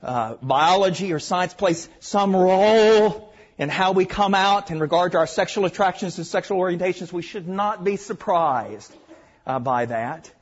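An older man with a Southern accent, from Arkansas, preaching a sermon, stressing points loudly and then dropping to hushed asides. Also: sits high, moderate pace, highs cut off. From Arkansas, USA. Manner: emphatic, swings between loud stresses and hushed asides.

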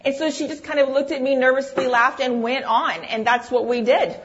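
Middle-aged woman, sermon-style storyteller, fairly high voice, muffled lo-fi recording. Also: brisk, a little hiss or hum. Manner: animated storyteller, acts out her own lines. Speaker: pastor's wife speaking to a congregation. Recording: dull, muffled sound.

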